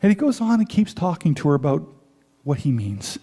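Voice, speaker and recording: A man preaching a sermon, retelling a story in lively, paraphrased dialogue with frequent asides. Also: fairly high pitch, a little fast, breathy edge. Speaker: pastor.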